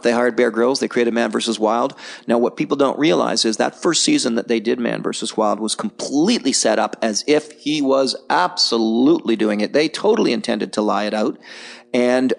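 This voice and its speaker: A middle-aged man speaking as a podcast guest, blunt and animated, telling stories and mocking others in put-on voices. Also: medium pitch, vocal fry. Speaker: podcast guest, survival filmmaker. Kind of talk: candid conversational interview.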